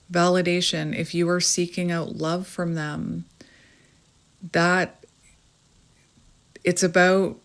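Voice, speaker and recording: A woman in her thirties with a Canadian accent, giving a reflective, meandering spiritual tarot reading to her viewers. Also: fairly low pitch. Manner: gentle, reflective, meandering with fillers. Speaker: tarot reader.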